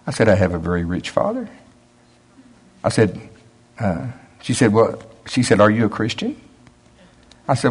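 A man's voice: on the low side, very animated, moderate pace, long pauses, slightly rough. A middle-aged man preaching a storytelling sermon in a folksy way, acting out both sides of a conversation and chuckling often.

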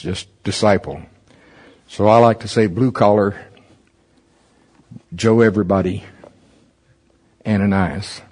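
A man's voice: fairly low pitch, a little mellow. A man preaching a sermon at a church service, conversational and humorous, asking many rhetorical questions.

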